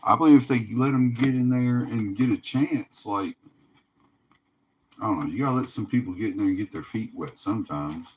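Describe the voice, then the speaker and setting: A man's voice: fairly low pitch, normal speed, a little mellow, breathy edge. A tired man hosting a live card break stream, talking in a laid-back, drawling way and laughing often. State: tired, yawning. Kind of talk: casual livestream commentary.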